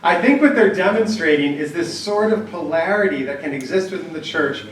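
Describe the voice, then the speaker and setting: A man's voice: a little high, lively intonation, fairly quick. A man giving a conversational talk to a live group, telling anecdotes and leading an exercise, with frequent fillers and restarts. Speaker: workshop speaker on church planning. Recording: echoey hall, distant mic, faint ambience.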